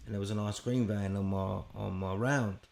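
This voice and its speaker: A man's voice: lowish voice, steady tone, moderate pace, gravelly, darkish tone. Profane man telling a story. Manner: vivid, profane storyteller who acts out quotes. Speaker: guest. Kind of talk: storytelling in a podcast conversation.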